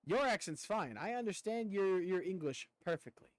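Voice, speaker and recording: A man's voice: high voice, lively intonation, moderate pace, no echo, rough recording. Chatty young man with a country twang. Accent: rural American Southern twang. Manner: rambling, talkative, casual swearing. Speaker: streamer. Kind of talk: casual chat with viewers while gaming.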